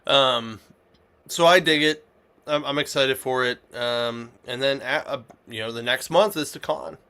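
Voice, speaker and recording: A man's voice: mid-range voice, measured pace, sharp tone, clean tone. A man hosting a casual comic shop podcast, rambling with lots of fillers and restarts. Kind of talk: casual chat.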